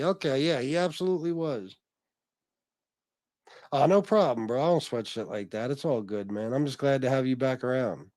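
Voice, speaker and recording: A man's voice: mid-range voice, darkish tone, no echo. A man hosting a casual livestream, reading chat comments aloud, blunt and profane, calling viewers bro. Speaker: livestream host.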